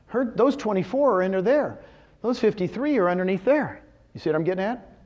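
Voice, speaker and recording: A man's voice: high voice, lo-fi sound. A man giving a live seminar talk to real estate agents, telling success stories and firing questions at the audience. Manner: animated, storytelling with quick questions to the audience. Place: meeting room with a live audience.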